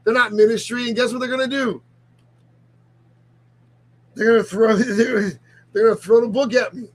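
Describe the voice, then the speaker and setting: Tearful, halting man with a high voice. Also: fairly even intonation, rough recording. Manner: halting, repeats himself, restarts sentences. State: on the verge of tears. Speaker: ministry leader and vlogger. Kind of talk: emotional confessional vlog.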